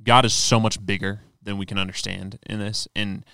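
A man's voice: lowish voice, flat delivery, normal speed, gravelly, bright, forceful tone, clean tone, no room sound. A man co-hosting a podcast, explaining religious ideas earnestly in casual chat with many fillers. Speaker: podcast co-host. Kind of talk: casual faith discussion.

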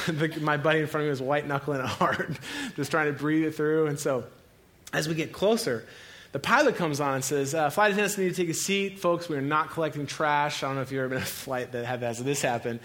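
A man's voice: mid-range voice, fairly bright tone. A young man preaching a sermon in a casual storytelling way, often laughing and acting out the voices of the people in his stories. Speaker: pastor.

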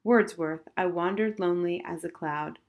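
A woman voicing a calm, bookish older nanny who answers in quotations. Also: lowish voice, moderate pace, lightly acted. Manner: calm, serene, quotes poetry.

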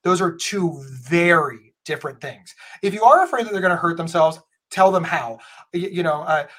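A man's voice: sits high, moderate pace, fairly bright tone. A man giving earnest, emphatic advice in a conversational style, often restarting his words. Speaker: guest speaker on mental health.

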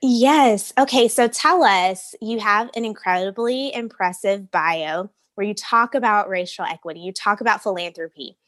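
A woman's voice: mid-range voice, normal speed, hardly any pauses, fairly bright tone, no echo. Enthusiastic woman podcast host, dry sound. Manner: upbeat, enthusiastic introductions. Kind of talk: podcast interview.

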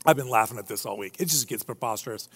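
A man preaching a sermon as a pastor, retelling the story in an animated, joking manner. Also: mid-range voice, fast talker. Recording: long hall reverb.

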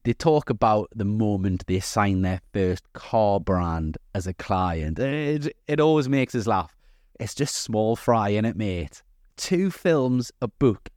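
A man's voice: mid-range voice, a little mellow, no room sound, clean studio sound. A man hosting a comedy podcast, talking in a cocky, swearing, jokey way. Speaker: podcast host. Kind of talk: comic podcast banter.

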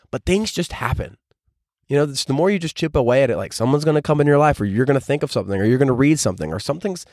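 A man's voice: fairly high pitch, darkish tone, no room sound, studio quality. A man in his twenties hosting a solo podcast, talking casually and reflectively, rambling with lots of filler words. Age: 20s. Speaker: podcast host.

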